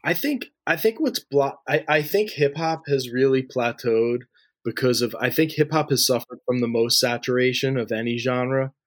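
A man's voice: mid-range voice, normal speed, dry recording. A man in his thirties giving long, loose interview answers, full of "you know" and "like" and frequent restarts. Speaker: interview guest, music industry figure.

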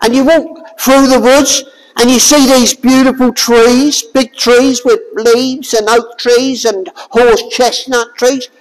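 A woman preaching a sermon, expressive and full of rhetorical questions to her listeners. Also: fairly high pitch, slow, big-room sound, poor audio.

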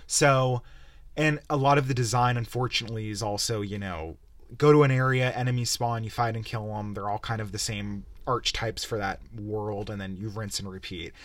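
A man's voice: on the low side, fairly even intonation, normal speed, fairly bright tone, no echo. A young man hosting a podcast, giving a profane, exasperated, rambling game review on a close mic. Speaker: podcast host. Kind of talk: casual game-review rant.

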